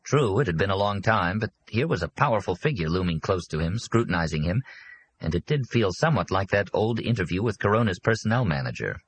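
A man narrating an audiobook in a steady, measured storytelling manner. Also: low voice, breathy edge, poor audio. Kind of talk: scripted narration.

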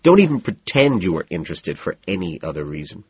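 A man's voice: deep voice, very animated, fairly quick, darkish tone, slightly rough, no room sound, dull audio, heavily acted. A man voicing a brash, crude young male banker who speaks emphatically and scornfully, in an audiobook. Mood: emphatic.

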